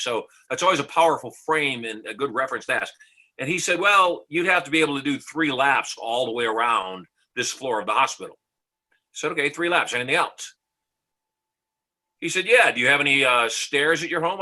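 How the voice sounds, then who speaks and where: Telling a story as a podcast guest, this middle-aged American motivational speaker sounds confident and acts out the dialogue. His medium-pitched voice is bright and forceful, heard through poor audio.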